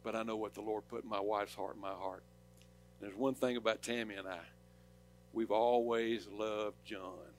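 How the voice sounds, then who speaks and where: A man with a Southern accent preaching a sermon, rising to loud, urgent declarations and dropping to quiet storytelling. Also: fairly low pitch, steady tone, moderate pace, slight background noise. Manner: impassioned, swings from loud preaching to soft storytelling. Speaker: pastor.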